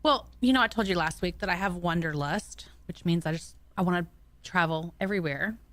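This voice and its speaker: Bright-voiced chatty woman co-host. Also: on the low side, fairly quick, dry recording. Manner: playful, chatty. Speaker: radio show co-host. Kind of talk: casual radio chat.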